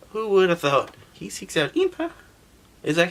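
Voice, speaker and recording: On a gaming history channel, a man with a higher voice recaps an old video game story at a moderate pace, with a slight hiss or hum in the audio. His delivery is sarcastic, animated and profane, full of jokes.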